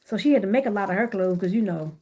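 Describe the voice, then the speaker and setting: A woman's voice: medium pitch, animated, fast talker, warm tone. A middle-aged woman chatting casually on a live stream, greeting viewers by name while she works on gift baskets indoors.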